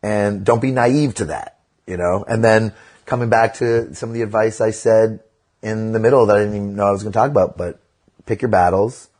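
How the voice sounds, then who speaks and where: A middle-aged man, a comedian guest on a podcast, talks bluntly and swears freely. His voice sits low and has a husky edge. He tells stories with animated energy. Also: brisk. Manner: blunt, profane, animated storytelling. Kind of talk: casual podcast interview.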